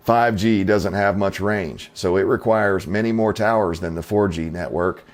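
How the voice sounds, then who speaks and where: A man's voice: low voice, fairly even intonation, moderate pace. A middle-aged man hosting his channel, giving opinionated commentary in a folksy, skeptical way, with rhetorical questions and fillers. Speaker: channel host.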